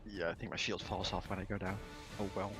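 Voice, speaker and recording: A man's voice: low-pitched, little pitch movement, fast talker, music in the background. A man playing a tabletop game, speaking casually and often asking about the rules. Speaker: player.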